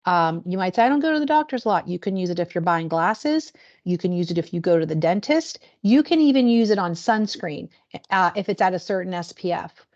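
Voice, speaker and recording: Female benefits presenter, chatty and animated, screen-share walkthrough over slightly muffled call audio. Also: fairly low pitch, a little fast. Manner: chatty, animated, acts out quoted questions. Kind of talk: explaining benefits on a video call.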